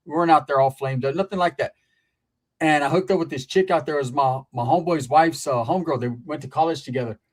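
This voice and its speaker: A man's voice: on the high side, quick pace. A man hosting a casual podcast chat, from Northern California, telling loose, profane stories in street slang. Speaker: podcast host. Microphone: streaming setup.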